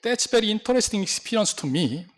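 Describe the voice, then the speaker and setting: Lively high-voiced pastor. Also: male voice, fast. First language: Korean. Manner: storytelling with non-native English phrasing. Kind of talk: sermon.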